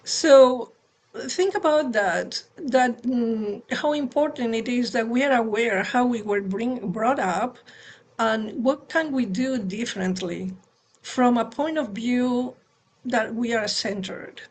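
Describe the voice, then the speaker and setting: A woman co-hosting a spiritual talk on parenting, speaking in a gentle, conversational way over a video call. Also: a little high, slow, a little hiss or hum. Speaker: satsang co-host and parent.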